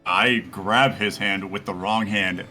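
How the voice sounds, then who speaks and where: A man's voice: fairly low pitch, fairly even intonation, takes it slowly, pushed and bright, soft background music. A man playing a tabletop game, joking and blurting lines in character. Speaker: player. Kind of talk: casual tabletop role-play.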